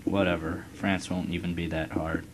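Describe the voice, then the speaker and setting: Young male let's-player, very low voice, loose and profane, noisy recording. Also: little pitch movement, moderate pace. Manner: rambling, profane, musing aloud. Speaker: let's play gamer. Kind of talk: casual gameplay commentary. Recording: loud background noise.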